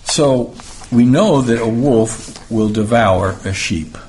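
Slow, deliberate male preacher. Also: medium pitch, a little mellow, a little hiss or hum. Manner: deliberate, repeats key phrases for emphasis. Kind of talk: sermon with scripture reading.

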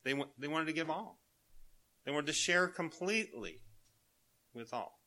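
An older man with grandchildren, preaching a sermon in a folksy way, telling family anecdotes and chuckling as he quotes children softly. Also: fairly high pitch, lively intonation, moderate pace.

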